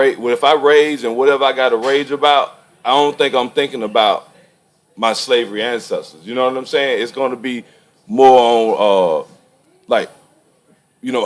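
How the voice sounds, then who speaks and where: A man co-hosting a barbershop-style podcast, rambling through his point with lots of fillers. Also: medium pitch. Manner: rambling, many fillers, thinks out loud. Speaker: podcast co-host. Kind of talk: barbershop debate.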